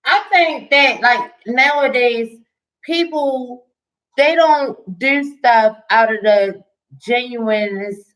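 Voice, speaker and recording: A woman's voice: fairly high pitch, takes it slowly, fairly bright tone, poor audio. A woman hosting a casual chat, speaking in an earnest, affirming, encouraging way. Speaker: host.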